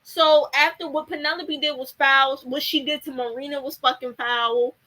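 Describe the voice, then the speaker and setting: A woman's voice: high-pitched, steady tone, moderate pace, sharp tone, poor audio. A young woman chatting casually about a TV show, blunt and full of fillers and swearing. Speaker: TV show commentator. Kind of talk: casual chat.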